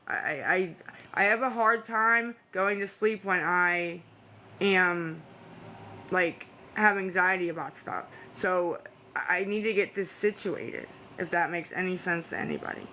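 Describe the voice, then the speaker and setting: A woman's voice: lowish voice, unhurried, bright, forceful tone, slight background noise. A tired woman chatting to her live-stream audience, anxious and pleading, rambling with restarts. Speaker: livestreamer talking to chat. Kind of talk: casual live-stream chat.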